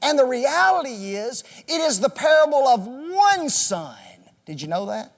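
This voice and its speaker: A man's voice: very high-pitched, big pitch swings, a little slow. A man teaching an interactive Bible class in a church classroom, quizzing the group with questions and joking with them. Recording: echoey hall reverb.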